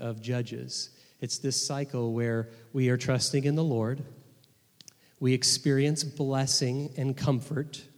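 A pastor delivers an earnest sermon from the pulpit, his mid-range, slightly mellow voice stopping and restarting phrases along the way. A long reverb carries his words through the church sanctuary.

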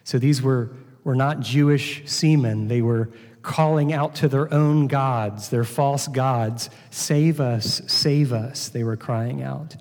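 Male preacher, mellow and dark-toned, sermon with scripture readings, long hall reverb. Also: medium pitch, slow pace. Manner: reads scripture aloud, then explains with rhetorical questions.

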